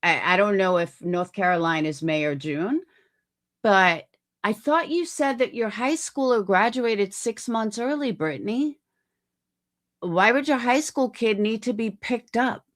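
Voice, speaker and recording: A woman's voice: mid-range voice, animated, a little slow. A woman hosting reaction commentary, talking in a sarcastic, mocking way about a clip she plays. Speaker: commentary host.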